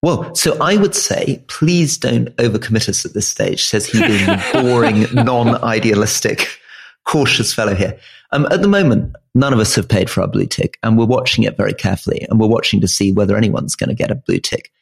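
Gravelly, husky-voiced man chatting on a podcast. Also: lowish voice, expressive, fairly quick. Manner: wry, self-deprecating, thoughtful with frequent restarts. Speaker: podcast co-host. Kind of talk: casual podcast chat.

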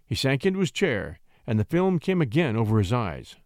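Expressive male storyteller. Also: medium pitch, moderate pace, no room sound, clean studio sound. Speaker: narrator. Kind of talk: scripted narration.

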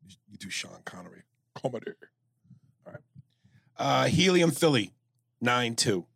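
A man's voice: mid-range voice, big pitch swings, moderate pace, creaky, fairly bright tone, slightly rough, dry recording. A man co-hosting a comedy podcast, joking crudely and reading listener emails aloud. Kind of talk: casual podcast chat.

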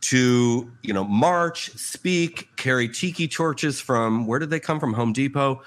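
A man's voice: medium pitch, slow. A man on a political panel with a mid-range voice. He talks loosely and conversationally, dropping wry asides as he thinks aloud. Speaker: panel guest.

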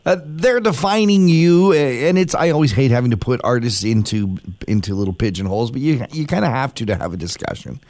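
A male radio host asks long questions in a halting way as he searches for his words. His voice is mid-pitched. The sound is dry and close, with no room echo. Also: animated, a little mellow.

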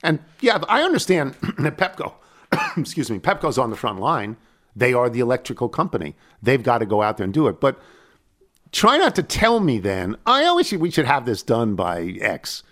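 Lively older man telling stories. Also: mid-range voice, normal speed. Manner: animated, acts out voices in anecdotes. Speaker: podcast host. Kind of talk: casual chat, storytelling.

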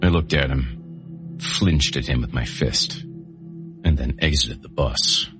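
Very deep-voiced man narrating gritty horror. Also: takes it slowly, music in the background. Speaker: host and narrator. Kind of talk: audiobook narration of a horror novel.

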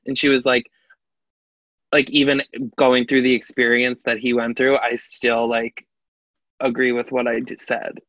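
A woman's voice: rumbling low, level tone, a little slow, a bit bright, no room sound. A woman co-hosting a podcast in casual chat, gossipy and given to acting out quotes. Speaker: podcast co-host. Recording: dry, slightly dull sound.

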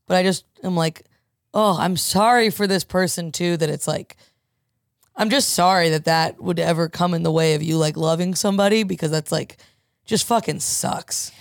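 A woman's voice: fairly low pitch, normal speed, vocal fry, dry recording, studio quality. Candid woman comedian guest. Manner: candid, chatty, laughs a lot. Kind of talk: casual comedy chat.

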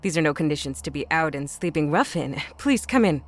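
A man's voice: a little high, expressive, pitched above the performer's own voice, lightly acted. A man putting on a kind, welcoming wife. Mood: warm, hospitable. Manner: hospitable and brisk. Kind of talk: storybook narration.

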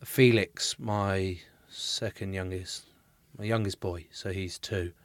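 An English man in his thirties hosting a podcast, telling a story in lively, sweary, casual chat. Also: low voice, slow, dry recording. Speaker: podcast host.

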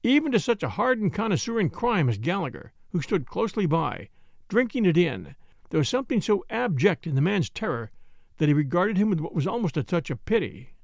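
A man reading a story aloud as an audiobook narrator, with dramatic, expressive delivery. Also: high voice, a little fast, vocal fry, no room sound, clean studio sound.

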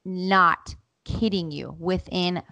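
A woman's voice: fairly low pitch, slow, vocal fry, noisy background. A woman in her thirties, a podcast co-host, telling a story with lots of fillers and acting out voices. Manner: animated, acts out quoted voices, lots of fillers. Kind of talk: casual chat, storytelling.

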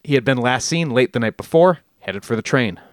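A man hosts a casual storytelling podcast, his voice sitting in an ordinary middle pitch. He rambles, corrects himself and drops jokey asides. The sound is dry and close to the mic. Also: expressive, fairly quick, no echo. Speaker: podcast host.

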